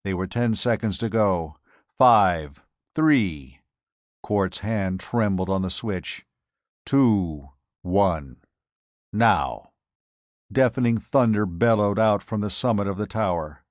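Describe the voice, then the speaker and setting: A man narrating a science fiction audiobook in a measured, dramatic storytelling manner. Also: fairly low pitch, a little mellow, dry recording, studio quality.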